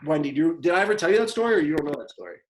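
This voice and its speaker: A man's voice: fairly high pitch, lively intonation, racing, low-quality recording. A man, a wrestling coach telling a long story in a casual podcast chat, rambling with lots of fillers.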